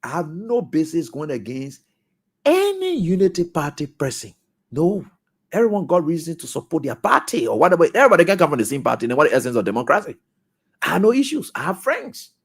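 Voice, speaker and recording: Animated man on talk radio. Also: on the high side, fast talker, husky. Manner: animated, scolding, mocking. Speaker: radio talk show host. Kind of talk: political commentary.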